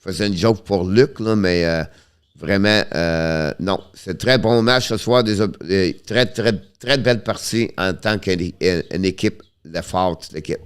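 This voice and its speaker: Pitched low with a clean tone, this Quebec-accented man runs a relaxed live stream about hockey. His answers to viewers come haltingly, with many restarted sentences and swaps between French and English.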